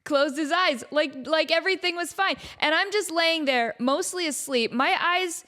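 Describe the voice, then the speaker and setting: A woman hosts her own podcast, chatting casually in a playful, self-mocking way and wandering into rambling asides. Her voice sits high and a bit bright, with big pitch swings and a slightly slow pace.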